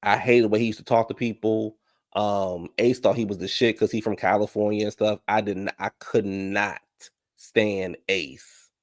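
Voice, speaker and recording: A man giving a sassy, animated casual review of a reality show, talking straight to his viewers. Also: fairly low pitch, normal speed.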